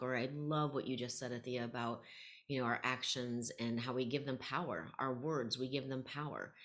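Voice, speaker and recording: A middle-aged woman educator talking in an interview, telling stories with animation and acting out quoted voices. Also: extremely low pitch. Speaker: guest, educator. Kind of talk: podcast interview conversation.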